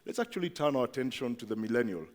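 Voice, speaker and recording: A man's voice: mid-range voice, animated, rapid-fire. A man giving a presentation to an audience, chatty and asking the crowd questions. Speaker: company speaker at event. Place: large event hall. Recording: long hall reverb.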